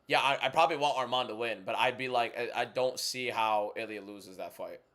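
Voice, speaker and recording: A young man hosting a fight-night watchalong stream from home, reading viewer questions and giving frank, quick opinions in casual chat. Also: mid-range voice, a bit bright. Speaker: livestream host.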